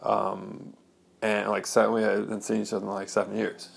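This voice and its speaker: Thirties male blogger with a gravelly edge, loose and rambling, easygoing personal chat. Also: fairly low pitch, completely flat delivery, normal speed. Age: 30s. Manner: rambling, many fillers and restarts. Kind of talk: casual personal monologue.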